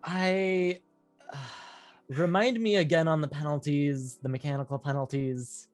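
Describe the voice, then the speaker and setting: A man's voice: on the high side, fairly even intonation, a little slow, no room sound, faint music behind. Rambling man at the game table. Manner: rambling, joking. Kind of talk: casual chat.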